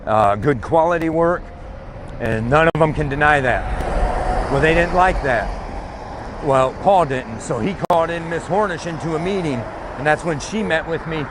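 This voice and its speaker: In a casual walking vlog by a street with passing vehicles, a man rambles and swears through a long story about a grievance. His voice is a little high and his pace moderate, against a noisy background.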